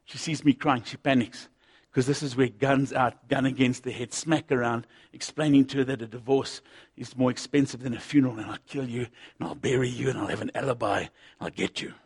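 A middle-aged man preaching a sermon, impassioned, swinging from loud urgency to hushed intensity. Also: medium pitch, fairly even intonation, a little fast, hardly any pauses, breathy edge.

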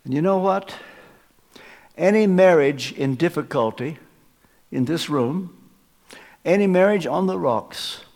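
A man preaching a sermon at a live church service, emphatic, swinging from loud stresses to hushed asides. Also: a little high. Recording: long reverb of a large church.

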